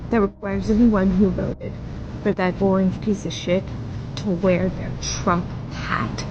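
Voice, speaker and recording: A woman's voice: medium pitch, flat delivery, measured pace, lo-fi sound, noisy background. A woman speaking scornfully and preachily from inside a car. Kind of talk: opinion social media video.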